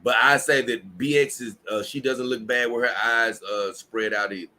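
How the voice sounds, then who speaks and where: A man's voice: mid-range voice, fairly even intonation, normal speed, pushed and bright. A tired man hosting a casual livestream, reading viewer comments aloud and rambling with many restarts. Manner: rambling, repeats himself and restarts often. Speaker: livestream host.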